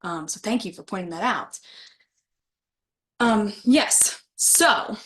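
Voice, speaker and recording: A woman's voice: mid-range voice, fairly bright tone. A woman presenting a webinar for teachers, talking casually and friendly, reacting to comments from the chat. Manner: friendly, laughs with the chat, reads comments aloud. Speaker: webinar presenter for adult educators.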